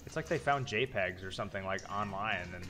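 A man's voice: lowish voice, fairly quick. A man in his thirties streaming a horror game, reacting aloud, swearing and talking to his chat. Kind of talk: live gameplay commentary.

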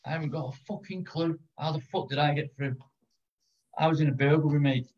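A man's voice: on the high side, fairly quick, darkish tone, highs cut off. A British man speaking as a guest in a casual interview, blunt and frustrated, swearing often. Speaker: guest, ex-convict.

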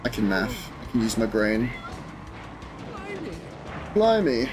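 A young man commentating his own live game stream, excitable, swearing and chatting to viewers over game music. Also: lowish voice, moderate pace.

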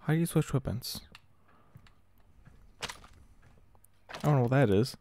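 A man commentating as he plays a game, excitable, exclaiming often and laughing a lot. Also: mid-range voice, unhurried, background noise. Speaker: gaming channel host. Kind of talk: live gameplay commentary.

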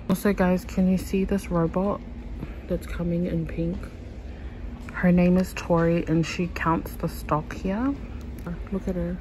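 Slow, chatty young woman vlogging. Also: on the low side, steady tone, mellow, a little hiss or hum, poor audio. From Samoa. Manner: chatty, laughing, self-mocking asides. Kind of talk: casual vlog talk to camera.

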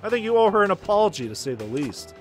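A man voicing a smooth-talking male gangster, a bit playful and a bit menacing, with a slow, low, cocky drawl. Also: sing-song, soft background music.

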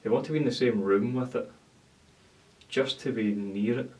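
A man's voice: medium pitch, moderate pace, darkish tone, far from the mic, low-quality recording. A man speaking in a dreamy, self-admiring way in a documentary interview. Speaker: bearded interviewee.

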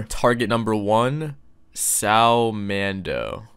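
A young man doing comedic reaction commentary, crude and loud, breaking into mock outrage and sudden yelps. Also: medium pitch, normal speed, no echo, soft background music. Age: young adult. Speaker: YouTube commentator.

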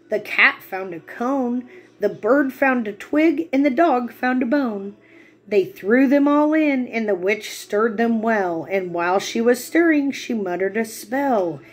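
A young woman reading a picture book aloud to children, slow and expressive, pausing to ask the listener questions. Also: on the high side.

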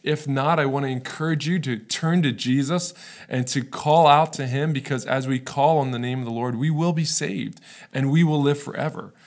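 A male pastor preaches in an easygoing, conversational way, speaking at a mid-range pitch. He keeps checking in with his listeners and stays relatable rather than lofty, like a friend talking through scripture. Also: moderate pace. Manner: casual, relatable, often checks in with "right?". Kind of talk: conversational sermon.

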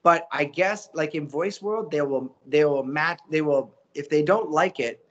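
A man, a voice actor telling stories as an interview guest, animated and slipping into character voices. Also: on the high side, a little slow, lo-fi sound. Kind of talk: casual storytelling interview.

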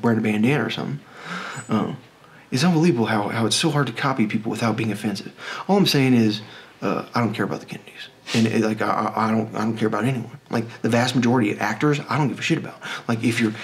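A man from Texas rambles through a loose monologue. He stumbles and restarts often, and his voice sits at an ordinary middle pitch for a man. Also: slight background noise. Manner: rambling, halting, with many restarts.

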